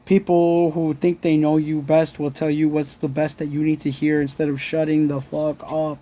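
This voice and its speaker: A man talks straight to his viewers on a phone livestream, blunt and earnest, dropping the odd swear word. His voice is dark and mellow but sits slightly high. It is casual, heartfelt motivational talk. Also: little pitch movement, moderate pace. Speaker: livestream host.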